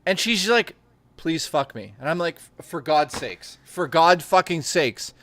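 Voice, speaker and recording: A man telling crude, animated stories in casual chat as a stream co-host. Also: on the high side, a little slow, no room sound.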